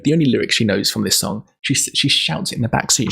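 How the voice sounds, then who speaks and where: A man's voice: medium pitch, fast, creaky, hardly any pauses, a bit bright, slightly rough. A man on a casual livestream who rambles, interrupts himself and laughs easily, then reads a book aloud.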